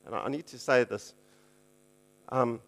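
A man's voice: medium pitch, measured pace, vocal fry, a bit bright. Conversational male preacher. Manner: conversational, frequent "okay", chuckling asides. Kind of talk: casual teaching sermon.

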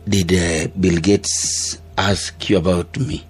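A man's voice: low-pitched, flat delivery, slow, husky, faint music behind. A male radio co-host cutting in with teasing, jokey questions during casual banter.

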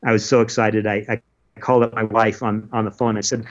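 A man telling the story of his expedition in an interview, earnest and halting, with many restarts. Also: lowish voice, flat delivery, lo-fi sound. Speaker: interview guest, polar adventurer. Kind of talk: casual recounting of an expedition.

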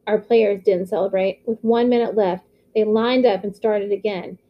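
A woman reading a novel aloud with steady storytelling. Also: medium pitch, normal speed, lo-fi sound. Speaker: audiobook reader.

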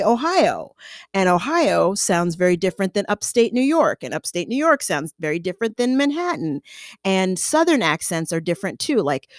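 A woman's voice: fairly low pitch, no echo. Chatty American woman, dry close sound. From United States. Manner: chatty and playful, drops into accent impressions. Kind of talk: casual solo monologue.

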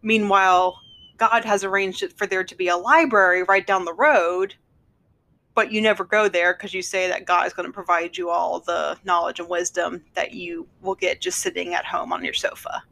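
A woman co-hosting a podcast in casual chat, telling jokes and acting out quick voices. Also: fairly low pitch, little pitch movement, creaky, sharp tone. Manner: storytelling, acts out voices in jokes. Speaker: podcast co-host.

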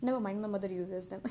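A woman's voice: on the high side, a little mellow. A teenage girl talking casually to camera in a rambling, self-mocking way with lots of giggles. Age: teens. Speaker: vlogger. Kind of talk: casual vlog monologue. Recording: faint background noise.

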